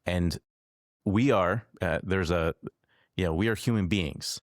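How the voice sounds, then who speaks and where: A man hosting a podcast, speaking in a calm, encouraging and reflective way. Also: sits low, a little slow, no room sound, studio quality. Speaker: podcast host. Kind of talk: conversational podcast talk.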